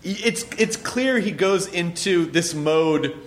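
A man's voice: sits high, expressive, takes it slowly, a little hiss or hum. A man hosting a casual interview, rambling and restarting his sentences, with casual swearing. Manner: rambling, restarts often, profane. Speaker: podcast host.

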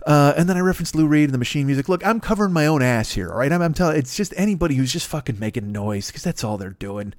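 A man's voice: fairly high pitch, lively intonation, fast, hardly any pauses, no echo. A man riffing through a profane, rambling comedic monologue, acting out voices with laughs. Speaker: podcast host.

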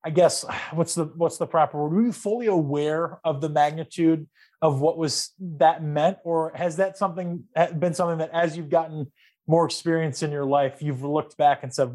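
Rambling, fairly high-voiced podcast host. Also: male voice, fairly even intonation, moderate pace, mellow. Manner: rambling, searching for words. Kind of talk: interview questions.

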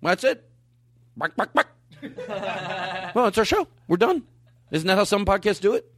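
A man hosting a podcast, telling stories in casual, animated, profane comedic chat. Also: high-pitched, measured pace, no room sound. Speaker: podcast host.

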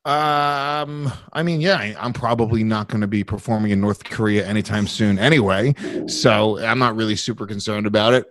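A man's voice: lowish voice, fairly even intonation, normal speed, fairly bright tone, a little hiss or hum. A man co-hosting a podcast as a comedian, speaking bluntly in casual chat, swearing and laughing easily.

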